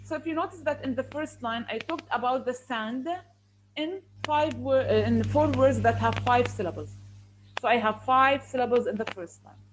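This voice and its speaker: A woman's voice: fairly high pitch, moderate pace, slight background noise, rough recording. A woman teacher, patiently explaining and counting syllables aloud in a classroom.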